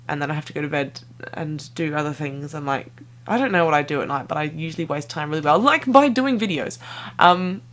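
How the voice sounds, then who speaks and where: A young woman talks straight to her viewers in a loose, rambling vlog, giggling as she goes. Her voice sits a touch low for a woman, and she hops from one thought to the next in an easy, chatty flow. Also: steady tone, fast talker, a bit bright. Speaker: vlogger. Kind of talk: casual vlog chat to camera.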